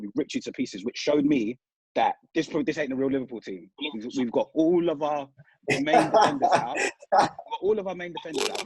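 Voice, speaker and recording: A man, a podcast guest dialled in on a call, talking football in a frank, relaxed way. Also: fairly high pitch, husky. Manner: relaxed, frank, self-correcting. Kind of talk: casual football chat. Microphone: video or phone call. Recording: dull lo-fi call audio, dry.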